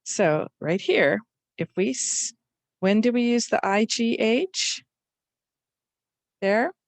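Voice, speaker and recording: A woman's voice: on the high side, animated, slow, no room sound. A woman teaching a spelling lesson to young children, patiently sounding out letters and words.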